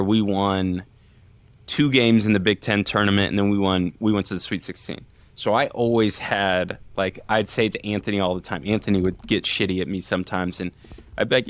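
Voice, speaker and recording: A man's voice: on the low side, a bit bright, no echo. A man co-hosting a podcast, ribbing his co-hosts in casual chat. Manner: teasing, ribbing the other hosts. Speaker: podcast co-host, former walk-on.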